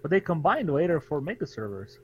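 An American man co-hosting a podcast, teasing and animated, swearing freely in casual chat. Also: on the high side, a little fast, husky, dull audio. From United States. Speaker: podcast co-host.

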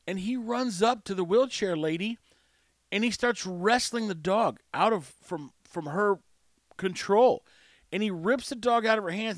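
Here a show host with a high-pitched voice wanders through a story, poking fun at himself in a wry tone. It's a casual monologue captured dry on a close mic.

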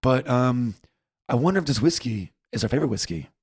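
A man's voice: mid-range voice, lively intonation, a little fast, darkish tone, husky, no echo, studio quality. A man co-hosting a casual podcast, easygoing and upbeat. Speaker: podcast co-host. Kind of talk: casual chat.

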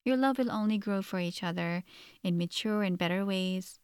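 A woman voicing a gentle sister-in-law who gives advice slowly and wistfully. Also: medium pitch, clear, resonant tone, no echo, clean studio sound, close to an everyday voice.

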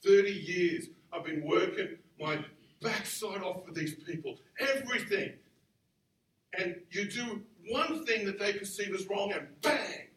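A man playing a weary older male pastor who is hurt and bitter, speaking slowly and heavily. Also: high voice, fairly bright tone, reverberant, distant mic, voice pushed up, low-quality recording.

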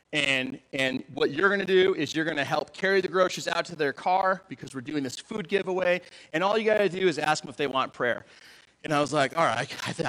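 A middle-aged man preaching as a pastor, telling stories in a lively, animated way and acting out the dialogue with big jumps in his voice. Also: a little high, rough recording. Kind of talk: storytelling sermon.

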